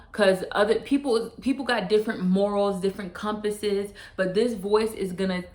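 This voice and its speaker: A woman vlogger giving earnest, casual life advice straight to the viewer, often repeating and restarting her phrases and dropping in slang. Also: lowish voice. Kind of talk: casual motivational talk to camera. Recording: roomy echo.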